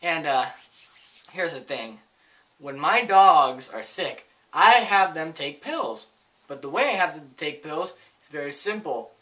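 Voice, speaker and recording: A man's voice: fairly high pitch, animated, a little slow, sharp tone, distant mic. A man recounting an aunt's matter-of-fact pill advice. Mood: explaining. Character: aunt explaining how she pills her dogs.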